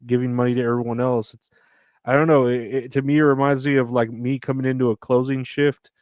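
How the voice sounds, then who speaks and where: A man's voice: medium pitch, a little mellow, no room sound. Tired, profane man rambling solo. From United States. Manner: rambling, profane, self-mocking. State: tired, yawning. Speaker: podcast host. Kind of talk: casual solo podcast rant.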